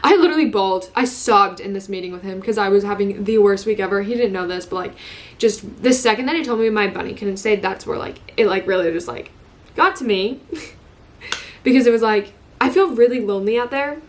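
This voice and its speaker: A woman's voice: mid-range voice, brisk. A young woman vlogger telling an emotional story in casual chat, tearful and saying "like" constantly. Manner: emotional, heavy use of "like", breaks into laughs.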